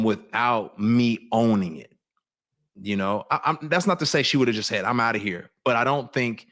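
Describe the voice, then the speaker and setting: A man speaking as a guest on an interview show, with an ordinary middle pitch. He talks earnestly and confessionally, reflecting as he goes. He often restarts sentences mid-thought. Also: fairly bright tone. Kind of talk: candid personal storytelling.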